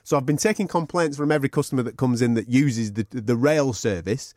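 A man's voice: medium pitch, brisk, no room sound, studio quality. A man, co-hosting a podcast and telling a long sweary anecdote in casual chat. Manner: animated anecdote with sweary banter and laughter. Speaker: podcast co-host.

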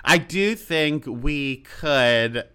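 Male podcast co-host, bright and lively, playful banter with lots of laughs. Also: on the high side, extremely slow, clear, resonant tone. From Canada. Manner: playful, laughs often, dramatic. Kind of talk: casual chat.

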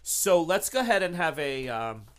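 A man narrating a tabletop game as game master, relaxed and chuckling, with frequent fillers. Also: on the high side, moderate pace, smooth.

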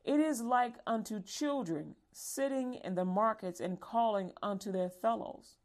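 A woman teaching a Bible lesson to young people, lively and acting out calls and warnings. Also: a little high, a little slow.

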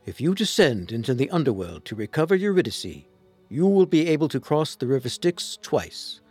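An actor playing a divine father consoling his grieving son, solemn and soft-spoken. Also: medium pitch, sing-song, normal speed, breathy edge, no room sound, faint music behind. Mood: solemn comfort. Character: gentle divine father god, male, ageless, comforting. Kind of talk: storybook audio drama.

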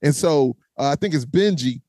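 A man hosting a fan Q&A, telling lively stories about his band's tours in a casual way, often calling people "man" and acting out voices and chants. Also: on the high side, moderate pace, no room sound. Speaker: host answering fan questions; former vocalist of a metal band. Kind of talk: casual storytelling Q&A.

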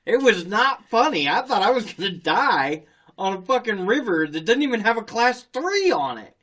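A man's voice: sits high, moderate pace. A man in casual chat, telling a story with heavy swearing and frequent laughter. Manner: profane animated storyteller, laughs often.

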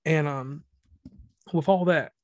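A man from the rural Mid-Atlantic hosting a casual podcast interview, talking fast and rambling with many restarts. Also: fairly high pitch, no room sound. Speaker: podcast host.

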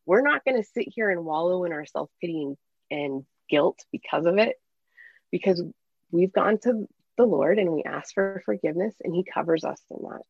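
A woman's voice: lowish voice, expressive, moderate pace, creaky, husky, no echo, lo-fi sound. A woman working as a parenting coach, explaining earnestly in a conversational interview and acting out bits of dialogue.

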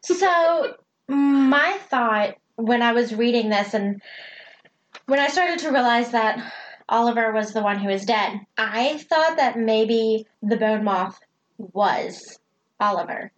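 A woman co-hosting a book podcast in casual chat, chiming in with quick reactions and quips. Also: a little high, lively intonation, muffled recording.

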